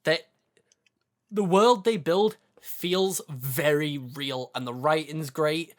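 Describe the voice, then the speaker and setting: A young man co-hosting a casual podcast chat, relaxed and chatty, filling his talk with "like" and "you know what I mean". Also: fairly high pitch, slow pace. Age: young adult. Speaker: podcast co-host.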